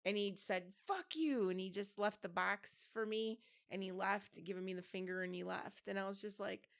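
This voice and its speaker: A woman's voice: medium pitch, flat delivery, normal speed, creaky, fairly bright tone, clear, resonant tone. A woman in her fifties co-hosting a podcast, telling a long personal story in a rambling way, full of restarts and fillers. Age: 50s. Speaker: podcast co-host. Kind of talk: casual chat, storytelling.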